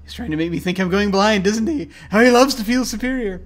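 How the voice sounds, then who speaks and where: A paranoid, unhinged man pours out his diary, pitch shooting up and volume swelling into frantic, shrill outbursts, as a man reads him aloud. The voice is higher than the reader's own and grows more unsteady with each entry. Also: brisk, close to an everyday voice. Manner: frantic, rising shrill and loud.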